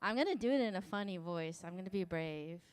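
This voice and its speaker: A woman's voice: lowish voice, lively intonation, fast, clear, resonant tone, no room sound. A woman hosting a live event from the stage, playful and theatrical, introducing books and performers.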